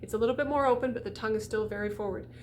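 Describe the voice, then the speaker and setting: A woman's voice: on the high side, racing, slight background noise. A woman voice coach giving a diction lesson, demonstrating sounds and speaking directly to the viewer.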